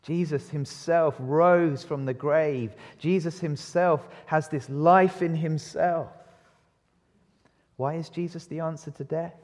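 Fairly high-voiced male preacher in a reverberant hall. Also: takes it slowly. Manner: asks the congregation rhetorical questions; lively, varies pace and loudness for emphasis. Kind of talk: evening sermon. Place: church. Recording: long reverb of a church hall.

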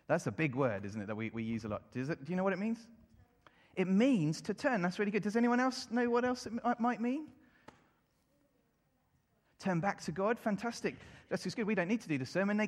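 A man giving an animated children's sermon, leading the congregation in call-and-response. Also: high-pitched. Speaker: preacher. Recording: long hall reverb.

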